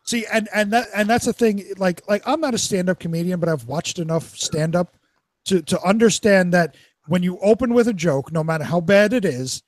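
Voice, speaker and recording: A man's voice: sits high, normal speed, no room sound. A man co-hosting a podcast, blunt and mocking, swearing often. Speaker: podcast co-host. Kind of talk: casual podcast banter.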